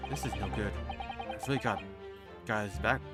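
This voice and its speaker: A man's voice: fairly low pitch, moderate pace, loud music behind the voice, close to an everyday voice. A man voicing a nervous banker witness who stammers and apologises.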